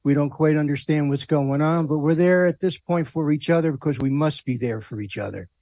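A man's voice: a little high, a little fast, darkish tone, dry recording, low-quality recording. An older man with a New Jersey accent, a veterans' representative telling his story earnestly and ramblingly on a radio show. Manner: earnest, rambling storytelling with repeated "you know".

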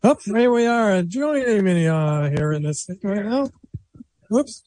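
A man's voice: high-pitched, expressive, measured pace, warm tone, no room sound. Older male radio host, light voice. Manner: chatty, self-deprecating, laughs often. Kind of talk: casual radio chat.

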